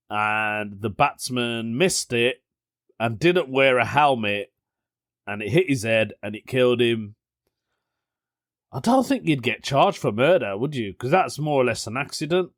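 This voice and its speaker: A young man chats through his solo podcast, musing aloud and drifting into stories. His voice sits at an ordinary middle pitch and he laughs easily. The recording is dry and close, with no room sound. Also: lively intonation, moderate pace, no room sound. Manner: chatty storyteller, laughs often, British slang like "innit". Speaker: podcast host. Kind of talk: casual solo podcast chat.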